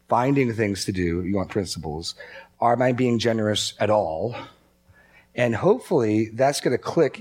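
A man preaching a sermon in a conversational way, telling stories and acting out quotes. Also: lowish voice. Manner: conversational, storytelling with acted quotes. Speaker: pastor.

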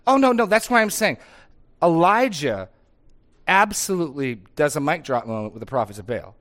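A man's voice: on the high side, sing-song, fairly quick, fairly bright tone. A middle-aged man, a pastor, talking in a casual discussion, conversational and thinking aloud with frequent restarts and tag questions.

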